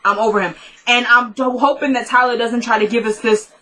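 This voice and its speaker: A woman's voice: fairly high pitch, steady tone, a little fast, sharp tone, low-quality recording. A woman giving a casual, chatty recap of a TV episode, retelling scenes line by line and adding opinionated asides. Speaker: TV recap vlogger.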